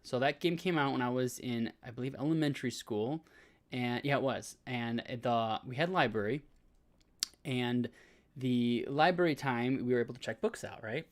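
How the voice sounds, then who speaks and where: A man's voice: medium pitch, moderate pace. A man in his thirties, a podcast co-host, telling a long story in casual chat with many filler words and restarts. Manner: rambling storytelling with frequent "like" fillers.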